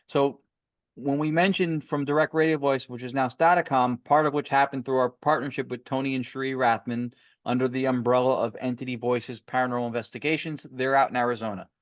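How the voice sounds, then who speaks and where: A man's voice: medium pitch, fairly even intonation, fairly quick, no room sound. A man, a guest on a podcast, telling stories eagerly in a rambling way with many restarts. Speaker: guest paranormal investigator. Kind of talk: casual podcast storytelling. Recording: muffled lo-fi audio.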